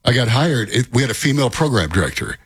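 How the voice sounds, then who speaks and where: A male radio broadcaster with a husky, slightly raspy voice and an upbeat, appreciative manner. He chats casually on air at a mid pitch. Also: sing-song, quick pace.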